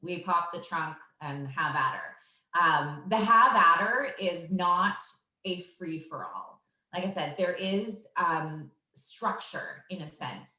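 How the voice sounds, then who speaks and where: A woman's voice: lowish voice, slow pace, sharp tone, reverberant. A woman working as a dog walker and trainer, explaining her methods in an assured, matter-of-fact way and laughing easily. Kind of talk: casual interview answers.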